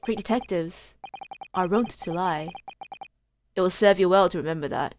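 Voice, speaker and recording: A woman voicing a pompous, theatrical gentleman detective in a game, reading his lines in a grand, formal manner. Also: on the low side, normal speed, pitched below the performer's own voice, close to an everyday voice.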